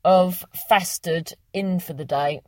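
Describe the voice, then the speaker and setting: A woman's voice: lowish voice, slow, no room sound. Rambling young Englishwoman chatting in her car. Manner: rambling, swears freely, chatty. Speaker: vlogger. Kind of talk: casual chatty vlog monologue. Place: sitting in a parked car.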